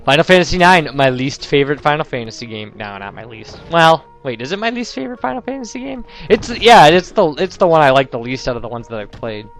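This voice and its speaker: A man's voice: fairly high pitch, big pitch swings, quick pace, hardly any pauses, a bit bright, soft background music. A young man from the United States casually commentating gameplay and rambling through personal stories. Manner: rambling, chatty storyteller. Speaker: let's play commentator.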